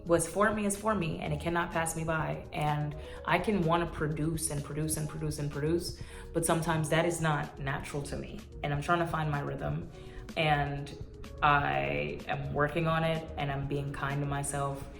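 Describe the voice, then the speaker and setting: A woman's voice: sits low, little pitch movement, normal speed, vocal fry, reverberant, faint music behind. A woman in her twenties talking earnestly to her viewers in a casual vlog, rambling and emotional. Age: 20s. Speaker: YouTuber. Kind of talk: heartfelt vlog talk.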